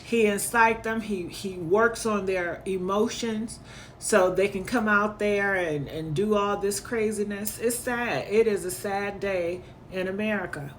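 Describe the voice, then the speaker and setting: A woman's voice: mid-range voice, a little slow, slight background noise. A woman hosting a commentary channel, reacting to clips in an indignant, emphatic way and repeating her points.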